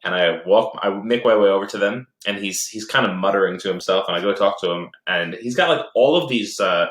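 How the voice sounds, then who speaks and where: A man's voice: on the low side, a little fast, a bit bright. Rambling podcast man in an echoey room. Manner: rambling storyteller, many fillers and restarts, laughs often. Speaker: podcast co-host. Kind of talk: casual chat about games and movies. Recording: roomy echoey home recording.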